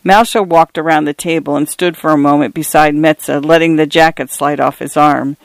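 Radio story reader, woman, measured literary narration, smooth tone, dry close mic. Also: low-pitched, fairly even intonation, dry recording. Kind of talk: scripted narration of short stories.

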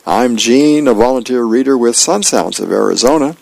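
A man volunteering as a radio reader, reading the newspaper and comics aloud in a gentle, plain way. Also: medium pitch, expressive, normal speed, creaky, dry recording.

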